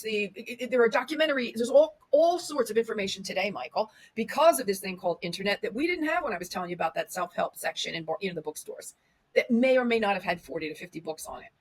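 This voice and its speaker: A woman's voice: medium pitch, expressive, fast, breathy edge. A woman speaking as a podcast guest and media coach, giving motivational advice in an emphatic style with repeated lists and restarts. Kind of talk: motivational interview talk.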